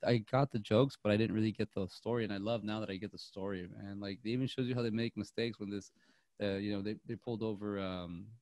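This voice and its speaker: A man's voice: lowish voice, darkish tone, dry recording, clean studio sound. A young man chatting casually about movies on a podcast, rambling with many restarts and fillers. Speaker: podcast co-host.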